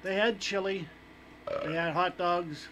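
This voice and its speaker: A man's voice: high-pitched, steady tone, unhurried, a loud crowd. A man, a vendor at gun shows, chatting casually on a radio show in an easygoing way, laughing at his own jokes. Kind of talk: casual talk radio chat.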